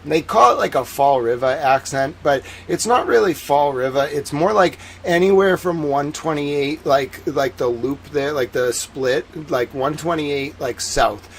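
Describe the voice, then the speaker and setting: A man from Massachusetts with a local accent hosts a livestream, chatting casually and rambling with a constant stream of "like." His voice is on the higher side and a bit slow, with hardly any pauses and slight background noise.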